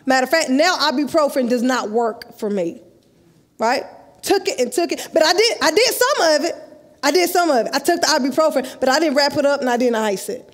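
A woman, telling a lively story in a sermon at a youth conference and acting out the dialogue. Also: sits high, fairly quick. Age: 30s. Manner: lively, acts out dialogue, laughs often. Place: large church sanctuary, live. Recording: live church hall with long echo.

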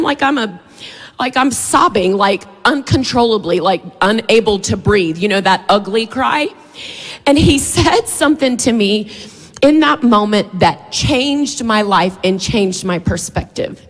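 Slow, heartfelt woman preaching. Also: fairly high pitch, expressive. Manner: emotional, heartfelt, slow and drawn out. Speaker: church speaker. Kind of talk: sermon with prayer.

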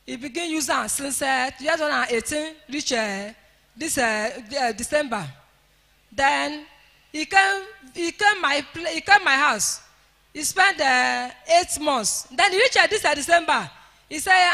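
A Nigerian woman giving an emotional church testimony, rising to shouts of praise. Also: sits high, expressive, normal speed, creaky, long reverb tail.

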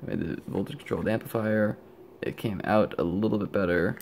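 Recorded at home on a handheld camera, this electronics hobbyist vlogger wanders through a laid-back tour of his project, often stopping mid-thought, sleepy and yawning. He's a young man with a lowish, somewhat mellow, creaky voice and a fairly quick pace. A little background noise comes through.

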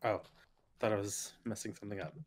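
A woman's voice: extremely low pitch, fairly even intonation, brisk, slight background noise. A woman playing a video game with a friend, making dry joking asides and chuckling. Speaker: game player. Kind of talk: casual co-op gaming chat.

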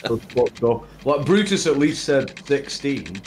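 A man's voice: medium pitch, very animated, measured pace, darkish tone. Irate swearing man, echoey room. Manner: angry, swearing, emphatic. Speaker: streamer and father. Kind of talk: heated casual chat. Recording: roomy with clear background noise.

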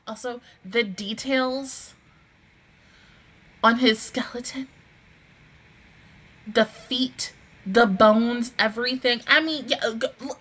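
A woman hosting a casual anime reaction review, excitable and swearing a lot, breaking into laughter often. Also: a little high.

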